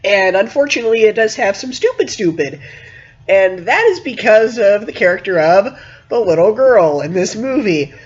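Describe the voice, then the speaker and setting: A man giving a casual spoken movie review, animated and emphatic, with many fillers. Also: sits high, normal speed, slightly rough, highs cut off.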